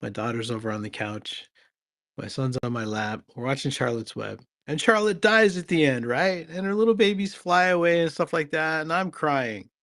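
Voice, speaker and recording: A man's voice: a little high, normal speed, a bit bright, no room sound. Laid-back tired man chatting. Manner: laid-back, rambling, laughs often, swears. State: tired after a long day, drinking wine. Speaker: actor and host. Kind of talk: casual chat on a live audio space.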